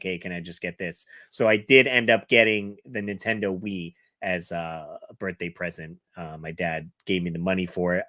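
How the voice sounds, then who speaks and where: Brief: easygoing podcast co-host, lowish male voice with a bright edge, recorded close and dry. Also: dry recording. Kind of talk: casual podcast chat.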